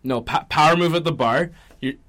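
A man's voice: on the high side, fairly quick, fairly bright tone. A young man co-hosting a casual sports podcast, dropping dry, wry remarks. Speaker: podcast co-host. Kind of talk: casual chat.

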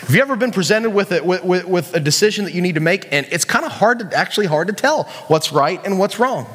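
A high-voiced man preaches to young people in a casual, joking way, often asking the crowd questions. His voice carries a long reverb from a church hall. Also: animated, fast talker, fairly bright tone, breathy edge. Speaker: youth pastor. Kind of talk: sermon.

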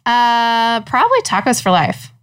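A woman's voice: a little high, huge pitch swings, unhurried, fairly bright tone, clear, resonant tone. A woman co-hosting a podcast in casual chat, upbeat and giggly with brief answers. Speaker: podcast co-host.

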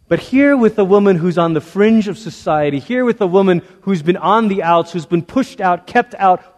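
Emphatic preaching man with a high voice. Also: normal speed, hardly any pauses. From Malaysia. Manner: emphatic preaching with repeated rhetorical phrases and big swings from loud to hushed. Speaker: pastor. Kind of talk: sermon. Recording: long reverb of a large hall.

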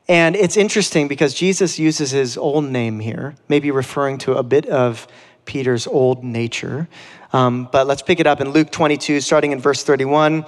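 A man's voice: mid-range voice, moderate pace, long reverb tail. A man preaching a sermon as pastor, conversational and earnest, with dramatic readings of scripture.

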